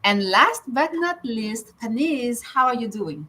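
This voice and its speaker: Woman host, upbeat livestream chat, bright forceful voice, a little higher than usual. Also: expressive, unhurried, poor audio. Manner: upbeat, reads viewer comments aloud. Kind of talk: casual hosted panel chat.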